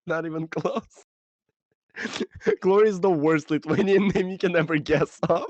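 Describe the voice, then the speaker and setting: A man's voice: high-pitched, unhurried, dry recording, lo-fi sound. A young man co-hosting a casual podcast, telling a story in a rambling way, swearing and laughing often. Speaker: podcast co-host.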